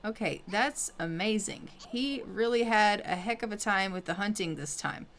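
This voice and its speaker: A woman's voice: mid-range voice, expressive, fairly bright tone, slight background noise. A woman giving casual commentary over a life-simulation game, chatty, with frequent ums, often talking to her characters and voicing their lines. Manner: frequent ums and drawn-out phrasing. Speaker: gameplay commentator.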